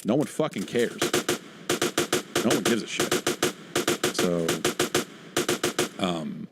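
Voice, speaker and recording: Low-voiced swearing man on a podcast. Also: big pitch swings, slow pace, over loud music. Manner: rambling and profane, breaks into loud mock quotes. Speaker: podcast host recalling work in online game media. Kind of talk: casual chat with gameplay.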